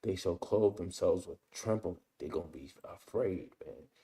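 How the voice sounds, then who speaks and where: A deep, mellow-voiced man leads an informal scripture study. He reads a verse, then breaks it down in loose everyday talk, tagging his points with "man" and "right?". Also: normal speed. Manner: reads verses aloud then explains them. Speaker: Bible teacher.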